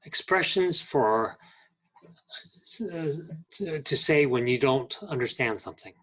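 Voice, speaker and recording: A man's voice: mid-range voice, expressive, fairly bright tone, low-quality recording. A man teaching an English class, reading direction and clarification phrases aloud patiently. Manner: reads example phrases aloud, patient and deliberate. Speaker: ESL teacher. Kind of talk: slow classroom instruction.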